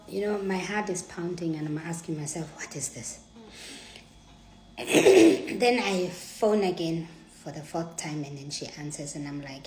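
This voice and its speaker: A South African woman telling a personal story in a lively, dramatic way, acting out the dialogue and dropping into hushed asides. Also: low-pitched, slight background noise. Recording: echoey room.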